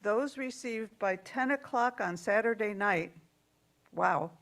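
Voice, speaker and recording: A woman leading a church worship service, speaking gently and reading out joys and sorrows from the congregation. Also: mid-range voice, takes it slowly.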